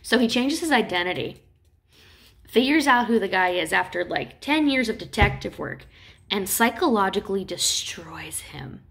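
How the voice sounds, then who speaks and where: A woman teaching literature in a casual, chatty lecture, retelling stories with quick acted quotes. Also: mid-range voice, lively intonation, gravelly, a bit bright.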